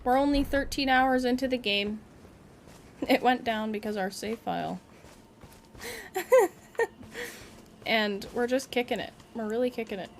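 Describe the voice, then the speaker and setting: A woman's voice: on the high side, a little slow, long pauses, a little hiss or hum. A young woman chatting casually with viewers while streaming a game, giggly and reactive. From Canada. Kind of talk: casual live-stream chat while gaming.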